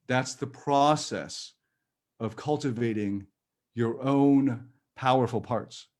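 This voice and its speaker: Gently encouraging male workshop coach. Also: mid-range voice, takes it slowly. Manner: chatty, with light laughs and restarts. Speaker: personal growth coach. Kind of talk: live-streamed workshop instruction.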